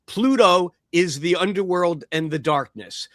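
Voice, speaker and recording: A man speaking as a panel guest, explaining his ideas thoughtfully, with halting restarts. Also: sits high, expressive, no room sound, clean studio sound. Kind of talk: panel talk, reflective explanation.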